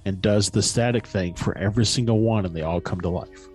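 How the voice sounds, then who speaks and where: A man with a fairly low voice retells a story in casual podcast chat. He rambles, stops and restarts often, and fills gaps with ums and "you know". Faint music plays underneath. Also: fairly quick. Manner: rambling, many fillers and restarts.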